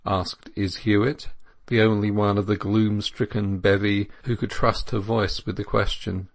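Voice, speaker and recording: A man narrating a classic novel as an audiobook in a measured, even reading. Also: fairly low pitch, gravelly.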